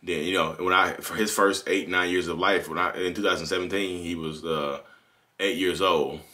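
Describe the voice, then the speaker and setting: A man's voice: deep voice, steady tone, normal speed, pushed and bright. A man, hosting a candid, rambling confessional monologue and often correcting himself. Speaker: channel host.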